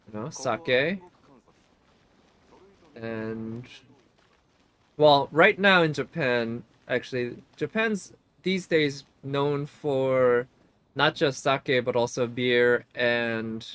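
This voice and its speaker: A man's voice: medium pitch, a bit bright. A man giving casual gameplay commentary as a streamer, chatty and thinking aloud, often laughing. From United States.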